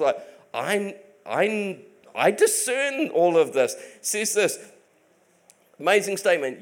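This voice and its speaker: A man's voice: high-pitched, expressive, unhurried. A man preaching a sermon in a chatty, conversational way, often restarting words and acting out God's side in casual asides. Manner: conversational, voices God in playful asides; many repeated restarts.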